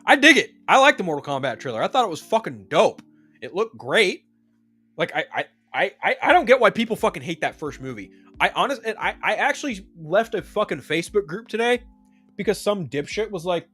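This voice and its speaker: Animated, profane man ranting about movies. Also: high-pitched, a little fast, husky, soft background music. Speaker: streamer. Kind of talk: casual movie news rant.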